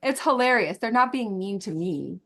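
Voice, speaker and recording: Animated young woman preschool teacher. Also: medium pitch, moderate pace. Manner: animated storyteller, laughs often. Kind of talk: casual video-call chat.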